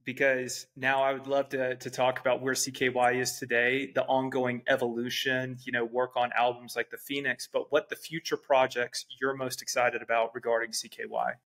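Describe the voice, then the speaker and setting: A man's voice: medium pitch, little pitch movement, normal speed, hardly any pauses, a bit bright. A man hosting a podcast, asking polite, structured interview questions. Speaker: podcast host.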